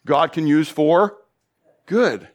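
A pastor preaching a Bible study sermon, animated, full of rhetorical questions. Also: male voice, fairly high pitch, slow pace.

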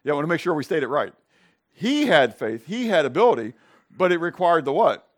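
A man's voice: fairly high pitch, sing-song, a little fast. A man teaching a casual Bible class, checking in with "okay?" and "right?" and acting out scenes for his students. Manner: asks the class questions and acts out scenes.

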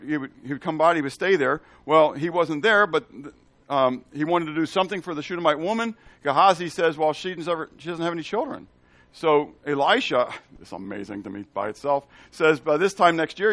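A man giving an animated Bible teaching, asking the listeners questions and acting out the lines of the people in the story. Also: a little high, no echo.

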